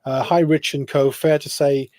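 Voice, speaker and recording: A man's voice: on the high side, little pitch movement, normal speed, darkish tone, dry recording. A man hosting a fan phone-in, asking questions in a friendly way and reading out viewer comments. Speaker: host. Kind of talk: casual chat.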